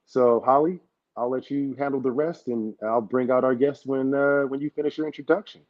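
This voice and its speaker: A male host with a mid-pitched voice, building up the episode slowly and deliberately. His audio sounds dull and muffled. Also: steady tone, dry recording. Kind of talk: show introduction and interview.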